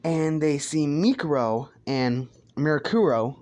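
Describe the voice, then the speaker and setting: A man's voice: a little high, animated, measured pace, darkish tone, slight background noise. A young man improvising a crude fan story, rambling, swearing and stumbling over names.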